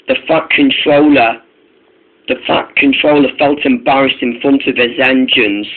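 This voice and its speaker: Husky man reading a train story. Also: mid-range voice, fairly even intonation. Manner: halting, frequent restarts and repeated phrases. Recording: tinny phone-like recording.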